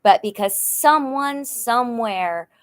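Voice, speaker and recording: A woman's voice: fairly high pitch, slow. A middle-aged woman talking frankly in a personal vlog, rambling with many fillers and sounding frustrated and worn down. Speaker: vlogger.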